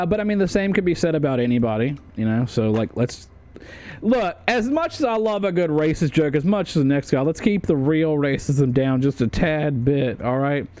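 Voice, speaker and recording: An American streamer ranks a tier list in livestream commentary, rambling and swearing with lots of fillers and restarts. His voice is a little high with a darkish tone.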